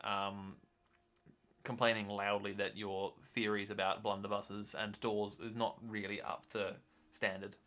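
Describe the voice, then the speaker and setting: A man's voice: on the low side, measured pace. Man running a tabletop game. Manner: relaxed, hesitant with many fillers. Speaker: game master.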